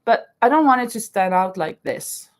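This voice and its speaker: A woman with a medium-pitched, animated voice talks at a moderate pace while hosting a casual live stream from her home in Spain. She crochets as she chats, reading viewer comments aloud and laughing often.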